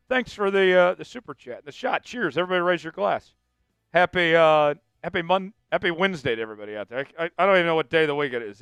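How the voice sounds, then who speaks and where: A man hosting a live sports stream, laughing often and breaking into loud chants with viewers. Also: on the high side, smooth, no echo. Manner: rowdy, laughs a lot, bursts into loud chants. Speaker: sports show host.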